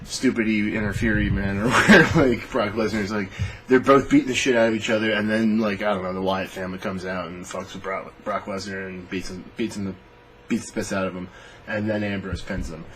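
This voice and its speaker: Young male host, casual profane rant, low voice, faint background noise. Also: rough recording. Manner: rambling, profane, animated storytelling. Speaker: podcast host. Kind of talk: casual rant on fantasy booking.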